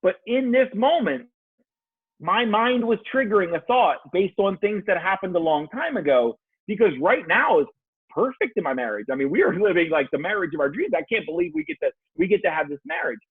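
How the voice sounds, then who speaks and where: Animated man on a tinny phone-like line. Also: high voice, fairly quick, husky, dry recording. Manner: animated storyteller, swears freely. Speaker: leadership coach guest. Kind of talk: casual podcast conversation.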